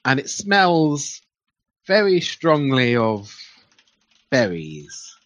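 A man's voice: on the high side, very animated, very slow. A man narrating a tabletop game as game master, playful and loose, with fillers. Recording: dull lo-fi recording.

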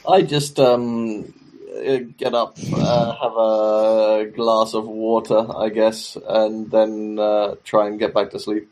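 Slow, low-voiced man playing a game. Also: level tone, a little mellow, poor audio. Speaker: player. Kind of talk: tabletop game play.

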